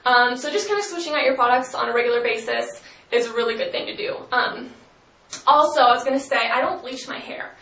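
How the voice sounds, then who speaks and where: A woman's voice: sits high, brisk, a bit bright. A young woman vlogger giving casual hair-care tips, chatty and full of "um" and "like". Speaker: beauty vlogger. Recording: roomy sound from a distant mic.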